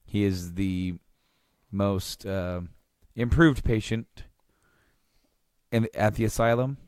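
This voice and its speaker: A man's voice: fairly low pitch, takes it slowly, a little mellow, smooth, no echo, clean studio sound. A man hosting a podcast, recapping with rambling, enthusiastic casual chat and many restarts. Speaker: podcast host.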